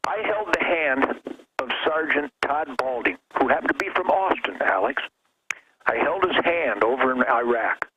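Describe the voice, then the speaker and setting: A man's voice: medium pitch, expressive, moderate pace, pushed and bright. A man calling in as a radio show guest, delivering a fiery, preachy rant that builds into outbursts. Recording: noisy radio line.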